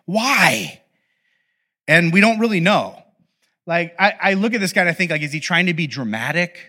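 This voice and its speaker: A man preaching a casual, conversational sermon, telling the story in an animated, playful way with lots of asides. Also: sits high, fairly quick. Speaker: pastor.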